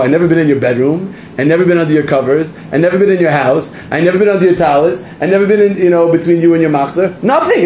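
Man, rabbi's sermon, high voice, rambling, echoey room. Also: a little hiss or hum. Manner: animated, rambling, self-interrupting, rising to near-shouts. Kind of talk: sermon to a live audience. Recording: echoey room, muffled sound.

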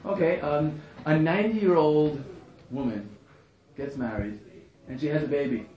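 A man's voice: on the high side, measured pace, darkish tone. A man teaching a class in a humorous lecture, repeating phrases and chuckling at his own jokes. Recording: echoey room, muffled, faint hiss.

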